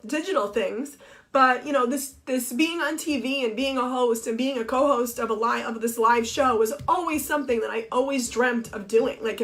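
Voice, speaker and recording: A middle-aged woman and blogger talking on a Facebook Live, tearful and halting with many restarts, crying as she speaks. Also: on the high side. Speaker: blogger and TV co-host. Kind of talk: emotional Facebook Live monologue. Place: home office.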